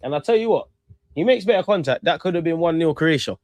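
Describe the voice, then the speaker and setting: A young man giving excitable live commentary on a match, calling out to players and the referee and swearing. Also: a little high, fast talker, background noise. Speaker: football fan streamer.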